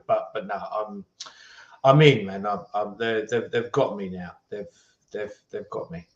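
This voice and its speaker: A man talking as a guest fan in casual football chat, halting and restarting often but upbeat. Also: on the low side, steady tone, roomy sound, muffled recording. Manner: hesitant, many fillers and restarts, upbeat.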